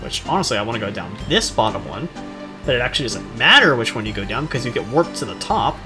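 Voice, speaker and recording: A man giving joking, casual commentary while playing through a game, moving between quiet asides and louder bursts. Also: medium pitch, fast talker. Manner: joking, mocking, shifts between quiet asides and excited outbursts. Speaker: let's play host. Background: game music.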